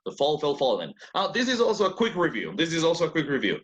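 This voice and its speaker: A man's voice: on the high side, wildly swooping pitch, quick pace, a bit bright, lo-fi sound. A man teaching an English class who praises students often, repeats their answers and switches between English and Spanish.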